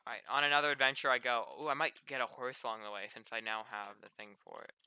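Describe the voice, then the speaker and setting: A man streaming a game, chatting casually and thinking out loud in a rambling way. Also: mid-range voice, fast, clear, resonant tone. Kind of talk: casual gaming chat.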